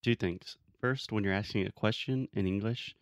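A man's voice: lowish voice, normal speed, no echo, studio quality. A young man teaching English in a casual chat, patiently correcting mistakes and explaining grammar rules. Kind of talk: casual podcast lesson.

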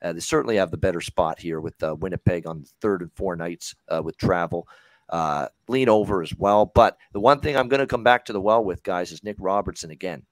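A man's voice: low-pitched, brisk, no echo. A man hosting a hockey betting show, talking casually with lots of fillers and the odd swear word. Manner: rambling, profane, filler-heavy.

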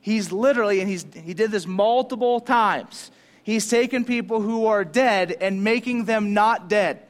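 Animated, high-voiced male pastor. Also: moderate pace. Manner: animated, casual and conversational, with slang. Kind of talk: sermon.

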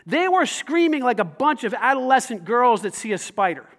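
A man preaching a sermon, animated and conversational, swinging from loud emphasis to quiet asides and asking the congregation questions. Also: very high-pitched, moderate pace. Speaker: pastor.

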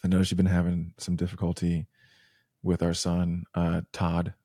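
A man playing a calm reasoning mother. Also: deep voice, normal speed, no room sound, clean studio sound. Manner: patient, reasoning, level. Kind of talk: role-play in casual chat.

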